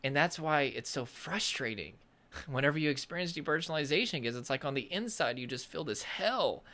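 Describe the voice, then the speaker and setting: A man from the American South talks straight to camera in a loose, rambling way. His pitch swings widely and his tone is bright and forward. He gropes for words and breaks the tension with jokes at his own expense. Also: animated, a little fast. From Southern United States. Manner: rambling, searches for words, self-deprecating humor. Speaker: nervous system coach. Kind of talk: casual monologue to camera.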